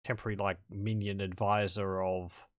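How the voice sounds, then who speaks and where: A man's voice: lowish voice, level tone, normal speed, no echo, clean studio sound. Wry, rambling man playing a game. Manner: rambling, chuckling, wry asides. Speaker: let's play commentator. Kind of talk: casual gameplay commentary.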